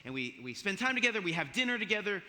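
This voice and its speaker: A man's voice: high voice, sing-song, racing, pushed and bright. A man in his forties giving a casual, joking, storytelling talk as a chapel speaker. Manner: playful, self-joking, conversational. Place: university chapel. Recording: long hall reverb of a chapel.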